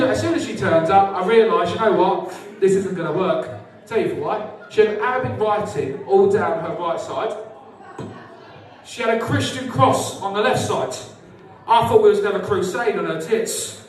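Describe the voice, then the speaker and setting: A man's voice: high voice, moderate pace. A man hosting a live comedy night, chatty and sweary, teasing the audience. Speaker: compere. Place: social club stage. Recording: echoey club room, mic from far off.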